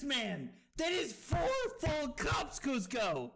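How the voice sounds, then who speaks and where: Brief: tipsy man, rowdy stream host, cursing and giggling, very animated pitch. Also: slow pace, creaky, few pauses, raised voice. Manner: giggly, profane, joking. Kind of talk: rowdy casual stream chat.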